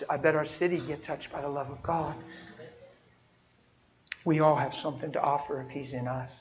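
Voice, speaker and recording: Folksy male preacher, lo-fi sound. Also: fairly high pitch. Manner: folksy storytelling, acts out conversations. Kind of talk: sermon. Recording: dull lo-fi recording.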